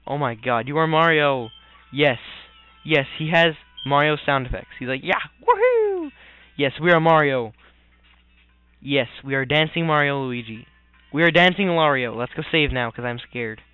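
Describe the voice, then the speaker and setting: Goofy let's player, smooth voice, tinny phone-like recording, faint game music. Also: male voice, mid-range voice, normal speed. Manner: goofy, rambling, mutters complaints. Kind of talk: casual gameplay commentary.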